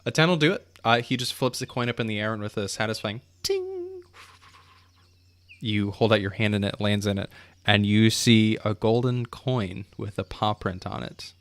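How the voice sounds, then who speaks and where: Game master, man, low voice, unhurried narrator, video call. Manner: descriptive, relaxed narration with filler ums.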